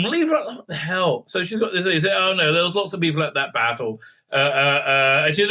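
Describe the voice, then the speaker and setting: A man's voice: a little high, animated, fairly quick, bright, forceful tone. A man hosting a casual spoken review, talking sarcastically, with many filler sounds and mocking impressions. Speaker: show host reviewing episodes.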